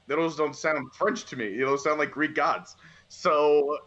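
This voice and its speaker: Man co-hosting a movie chat, rambling and animated, bright tone on a dull lo-fi recording. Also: on the high side, slow pace. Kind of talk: casual movie review chat.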